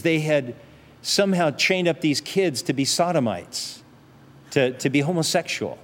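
A man's voice: fairly high pitch, animated, measured pace. A man preaching a sermon in an earnest, conversational way, often restarting his sentences. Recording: long reverb hall.

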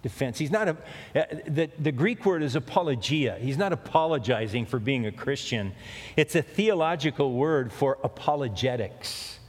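A pastor giving a conversational sermon, often repeating key phrases for emphasis. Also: male voice, medium pitch, lively intonation, moderate pace, in a large hall.

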